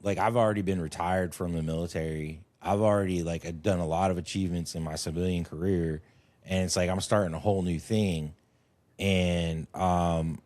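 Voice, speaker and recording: A middle-aged man, a comedian guest, talking casually on a podcast in a rambling, halting, self-critical way. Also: deep voice, a little mellow, dry recording.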